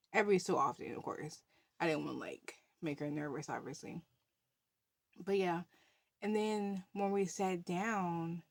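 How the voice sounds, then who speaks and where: A woman's voice: lowish voice, no room sound. A woman telling a story in a casual vlog, chatty, with many fillers and frequent laughs. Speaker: budgeting channel host.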